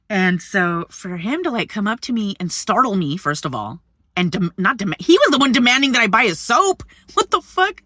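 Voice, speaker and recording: A woman's voice: medium pitch, very animated, moderate pace, bright, forceful tone, no room sound, studio quality. A woman vlogging in a chatty storytelling way, swearing freely, laughing often and jumping between subjects. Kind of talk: casual storytelling vlog.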